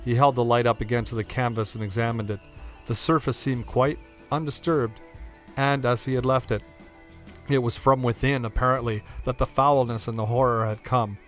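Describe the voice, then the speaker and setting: A man reading a classic novel aloud as narrator, in a steady, measured, dramatic way. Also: medium pitch. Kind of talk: audiobook reading of classic fiction.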